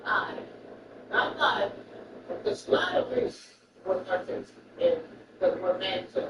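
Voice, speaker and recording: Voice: medium pitch, lively intonation, a little slow, dull audio. A speaker in casual chat who rambles and repeats phrases. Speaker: person chatting. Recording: roomy, far from mic, loud traffic noise.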